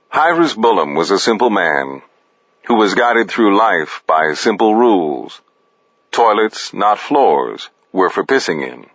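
Man, audiobook narrator, slow, lowish voice, dull dry recording. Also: very animated, a bit bright, no echo.

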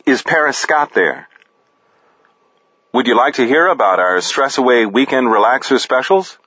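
A man's voice: medium pitch, animated, normal speed, bright, forceful tone, breathy edge, dry recording, lo-fi sound, pitched above the performer's own voice. A man reading a tough, profane woman caller in a raised voice, impatient and blunt. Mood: angry. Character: hard-bitten woman hunting her husband.

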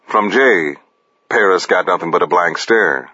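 A man narrating fiction in an expressive, deliberate manner. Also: deep voice, dry recording, lo-fi sound. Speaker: audiobook narrator.

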